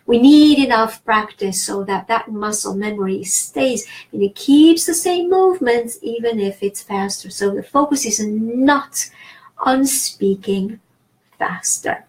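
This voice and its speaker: A woman with a French accent teaching a language lesson, talking slowly and deliberately and stretching her vowels. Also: on the high side, darkish tone, low-quality recording.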